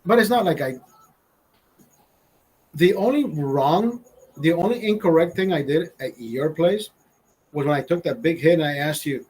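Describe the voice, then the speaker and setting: A man's voice: a little high, lively intonation, moderate pace, pauses often, a little mellow, slightly rough, rough recording. A man in his forties from Honduras telling a rambling, profane story in casual chat, laughing as he goes. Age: 40s. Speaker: podcast host.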